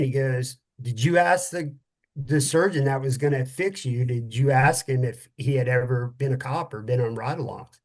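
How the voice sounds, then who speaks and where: In a mid-range voice, a middle-aged man who used to be a cop speaks candidly in podcast conversation. He comes across a bit weary, stopping now and then to find the right word, with casual swearing mixed in.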